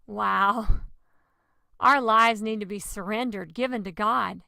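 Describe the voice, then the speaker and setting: A woman giving a lively, expressive devotional message, with sudden loud exclamations. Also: medium pitch, slow pace, vocal fry, no room sound, clean studio sound. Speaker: preacher. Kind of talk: lively children's-style devotional teaching.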